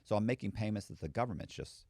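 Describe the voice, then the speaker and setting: A man's voice: fairly low pitch, lively intonation, fast talker, darkish tone, no room sound, clean studio sound. A man, a former con man, talking candidly in a casual podcast conversation and acting out quoted voices.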